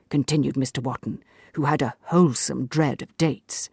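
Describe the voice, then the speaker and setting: A woman narrating a classic short story for an audiobook in a measured, even manner. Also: rumbling low, gravelly, husky, dry recording, clean studio sound.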